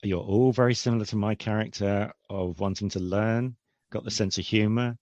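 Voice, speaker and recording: A man's voice: fairly low pitch, fairly even intonation, moderate pace, darkish tone, no echo, muffled recording. A man hosting a casual online roundtable, chatty and enthusiastic, laughing easily as he talks. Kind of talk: casual online group chat.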